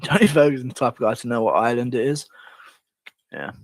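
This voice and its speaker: A man's voice: medium pitch, fairly quick, dry recording. A man from the United Kingdom streaming and chatting casually with viewers, rambling and crude.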